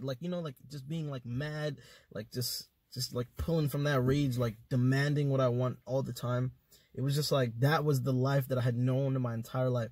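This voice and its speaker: A man chatting as a podcast guest, animated and slangy as he tells stories, swearing freely. His voice sits at a middling pitch with a husky, breathy grain. It is recorded close and dry. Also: moderate pace, no echo. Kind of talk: casual conversation.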